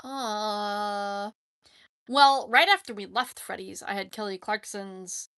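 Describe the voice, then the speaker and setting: A woman's voice: medium pitch, slow, fairly bright tone, clear, resonant tone. A woman hosting a casual live stream, chatting in a rambling way and laughing often. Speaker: livestream host.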